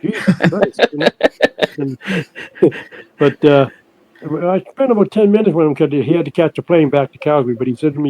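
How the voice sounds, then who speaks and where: An older man, a guest on an interview podcast, telling stories in a halting way that repeats words, and he puts on higher voices for the people he quotes. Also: muffled recording. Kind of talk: casual storytelling interview.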